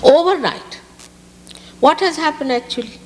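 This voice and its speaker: A woman's voice: medium pitch, sing-song, a little slow, long reverb tail. A woman from India, giving a spiritual talk to an audience and stressing her points by repeating key words. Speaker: spiritual teacher. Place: outdoor park gathering.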